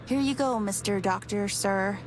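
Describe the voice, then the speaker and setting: A woman voicing a young girl in a story game, frightened and pleading, her lines rising into shouting. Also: medium pitch, normal speed, background noise, natural voice. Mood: uneasy. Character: young girl haunted by guilt. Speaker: lead character.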